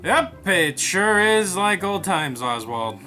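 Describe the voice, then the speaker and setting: A man playing an impatient, exasperated straight man who talks curtly and deadpan. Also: high-pitched, soft background music, exaggerated voice. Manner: curt, deadpan, hurried.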